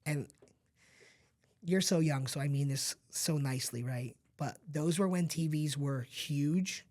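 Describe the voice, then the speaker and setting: A man's voice: a little high, measured pace, a little mellow. Earnest middle-aged man telling his story. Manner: earnest and confiding, talks straight to the listener with frequent asides. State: emotional at times. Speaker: podcast guest. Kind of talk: candid personal storytelling.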